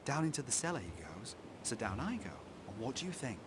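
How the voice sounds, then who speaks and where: A man's voice: mid-range voice, sing-song, fairly quick, background noise, lightly acted. An actor voicing a superstitious local man with folksy, rustic grammar, spinning a ghost tale. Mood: storytelling. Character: superstitious local man, a hotel worker telling ghost tales. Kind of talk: video game voice acting.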